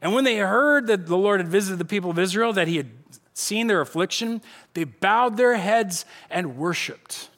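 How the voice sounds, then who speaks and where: A middle-aged male pastor preaching a sermon on a church stage, telling the story with lively acted-out voices. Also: high-pitched, normal speed. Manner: animated storytelling, acting out voices of the people.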